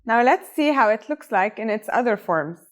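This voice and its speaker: A woman's voice: fairly high pitch, expressive, normal speed. Upbeat encouraging woman teaching a lesson. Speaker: language teacher. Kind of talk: scripted lesson narration.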